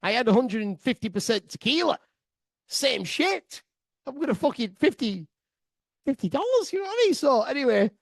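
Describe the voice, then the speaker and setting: A man telling a sweary comic travel story to his listeners, excitable, laughing often and swearing freely. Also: high voice, no room sound. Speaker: podcast storyteller.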